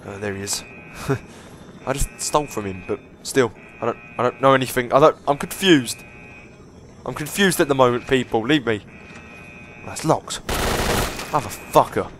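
A man's voice: mid-range voice, normal speed, slight background noise. A young man commentating on a game he is playing, swearing and breaking into panicky outbursts. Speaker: gameplay commentator. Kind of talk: let's play commentary.

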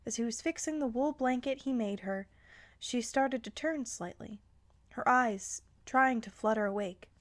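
A woman gently reading a romantic fan story aloud. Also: a little high, unhurried. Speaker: fan fiction reader.

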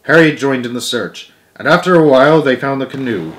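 A man reading a children's book aloud as storyteller, gentle, with small slips and self-corrections. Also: mid-range voice, expressive, a little fast, a little hiss or hum.

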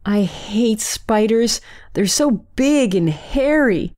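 A woman's voice: mid-range voice, very animated, a little slow, a little mellow, voice pushed up. A woman voicing a whiny little girl in a storybook reading, pleading and insistent. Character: whiny little girl who hates spiders.

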